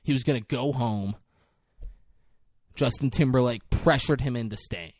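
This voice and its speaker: A male podcast co-host recaps a film scene by scene in a casual chat, swearing freely. He acts out the characters' lines with big swings in pitch and volume, speaking at a moderate pace in a studio-quality recording with no room sound.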